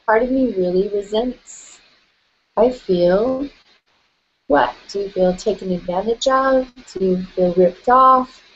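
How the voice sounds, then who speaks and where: A woman guiding a tapping session, gentle and playful, often breaking into laughter. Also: mid-range voice, slow, highs cut off.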